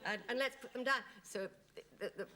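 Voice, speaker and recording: A woman guest on a TV chat show, telling animated anecdotes and laughing often. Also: sits high, a little fast, very noisy. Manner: giggly, animated storytelling with frequent laughs. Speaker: guest impressionist. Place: TV studio.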